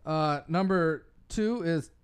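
A young man co-hosting a podcast in relaxed, casual chat, swearing offhandedly and laughing often. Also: a little high, slow, clean tone. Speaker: podcast co-host.

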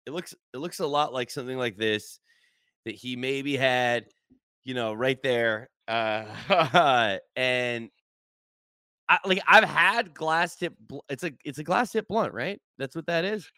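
A man co-hosting a casual podcast, telling rambling, animated anecdotes with profanity. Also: mid-range voice, measured pace, smooth, no echo, clean studio sound. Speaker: podcast co-host, former team manager.

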